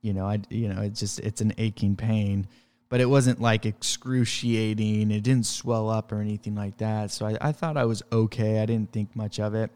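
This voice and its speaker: A man's voice: lowish voice, fairly even intonation, moderate pace, a little mellow, clean tone, in a large hall. A man who works in pest control tells a travel story casually, rambling with fillers and restarts.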